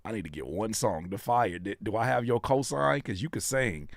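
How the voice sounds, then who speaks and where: A man with a hoarse voice, hosting a live stream where he reacts to submitted music in a loose, playful, slangy way. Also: on the low side, animated, moderate pace, no echo, clean studio sound. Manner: loose, playful, slangy, breaks into sung bits. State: hoarse, voice worn by allergies.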